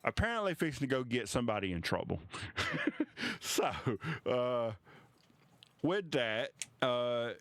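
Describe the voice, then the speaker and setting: A man narrates a tabletop game as game master, slow and relaxed, with plenty of fillers. His voice is smooth and clear, recorded close and dry. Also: medium pitch, no room sound.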